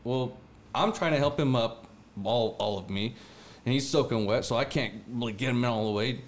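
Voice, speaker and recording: A man's voice: mid-range voice, normal speed. Young man telling a wild fishing story. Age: young adult. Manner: animated storytelling, acts out voices, slangy. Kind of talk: casual chat.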